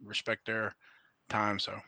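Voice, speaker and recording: A man's voice: lowish voice, monotone, slow, pushed and bright, dry recording. A man co-hosting a podcast, talking casually and rambling a little, correcting himself as he goes and laughing easily. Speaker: podcast co-host. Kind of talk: casual chat about racing and trading cards.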